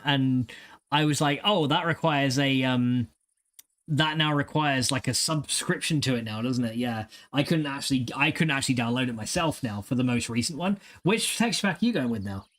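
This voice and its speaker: A man streaming a game live, reading and thanking his chat in an excitable, giggly way with plenty of swearing. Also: mid-range voice, fairly quick.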